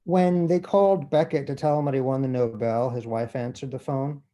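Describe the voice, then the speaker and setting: Man, author guest, animated, profane, self-deprecating, mellow warm voice. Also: medium pitch, moderate pace. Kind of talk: conversational interview. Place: bookstore event.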